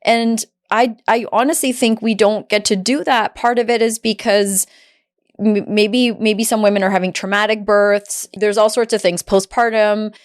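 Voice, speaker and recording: A woman in her forties hosting a podcast conversation, her voice sitting at an ordinary middle pitch. She speaks in a reflective, heartfelt way, with halting starts and restarts as she searches for her words. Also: steady tone. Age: 40s. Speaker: podcast host. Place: podcast studio, seated across from guest.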